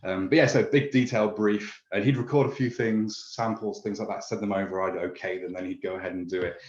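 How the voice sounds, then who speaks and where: A man's voice: fairly low pitch, steady tone, fairly quick, darkish tone. A man talking eagerly as an author guest, rambling with lots of fillers. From England. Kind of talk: casual conversation. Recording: roomy, dull-sounding call audio.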